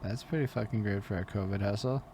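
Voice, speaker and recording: A man's voice: on the low side, fast, a little mellow, husky. Loose-talking male interview host. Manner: loose, profane, rambling talk. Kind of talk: casual chat.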